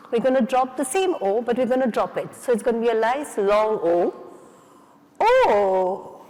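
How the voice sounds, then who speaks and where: A woman leading an audience through face yoga exercises at a conference, coaxing and playful as she gives instructions. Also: on the high side. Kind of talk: leading a live exercise session. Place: conference hall. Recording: reverberant conference hall.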